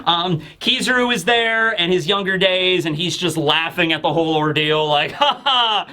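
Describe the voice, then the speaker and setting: Man, comic review host, rambling, enthusiastic, bright high voice. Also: fairly even intonation, normal speed. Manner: rambling, enthusiastic, filler-heavy. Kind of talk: casual commentary.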